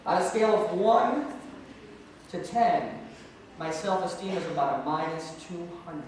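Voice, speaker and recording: Man, high voice, school assembly speaker, story and audience Q&A, heard far off in a booming hall. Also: a little slow, darkish tone. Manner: storytelling, joking with the audience, calling out questions to students. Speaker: anti-bullying speaker and martial arts teacher. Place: large echoey school hall with student audience. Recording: echoey hall from far off, faint noise.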